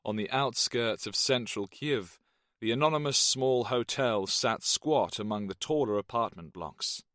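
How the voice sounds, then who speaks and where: Casting: male audiobook narrator, steady thriller reading, dry close recording. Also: mid-range voice, a little slow, dry recording. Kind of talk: scripted narration.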